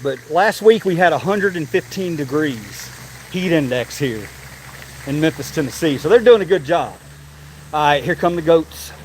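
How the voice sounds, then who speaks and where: With a fairly high voice and slight background noise, a vlogger walks outdoors through a zoo on a casual live stream. He laughs, chats, repeats himself and sounds a little winded.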